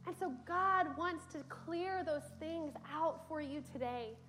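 A woman's voice: sits high, slow pace, bright, forceful tone, soft background music. A young woman preaching a sermon in a church, telling stories earnestly with casual fillers. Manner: earnest storytelling with conversational fillers. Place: church sanctuary.

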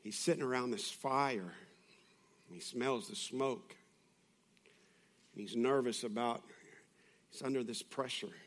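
A male pastor preaching a sermon in a conversational way, moving from hushed, intimate passages to loud, urgent appeals. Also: mid-range voice, unhurried, long pauses. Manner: conversational, with restarts and asides.

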